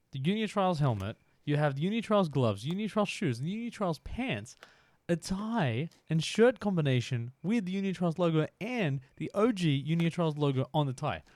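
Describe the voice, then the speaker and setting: A man streaming a motorbike game live, chatting excitedly to his viewers while he plays. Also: on the high side, moderate pace, no room sound. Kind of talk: live-streamed gameplay chat.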